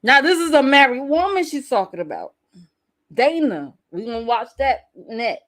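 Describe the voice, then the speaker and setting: A woman's voice: high voice, sing-song, normal speed, fairly bright tone. A woman hosting a casual commentary channel, talking bluntly and candidly and often laughing as she reacts. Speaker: YouTube commentary host.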